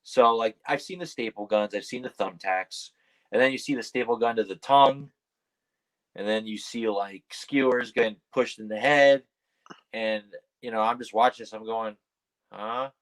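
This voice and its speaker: A man with a lowish voice rambles through stories as a guest on a casual podcast. He leans on fillers and swears now and then. When he quotes his own startled replies, his voice shoots up. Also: moderate pace, a bit bright, rough recording. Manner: acts out quoted lines in a high, startled voice. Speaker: wrestler guest.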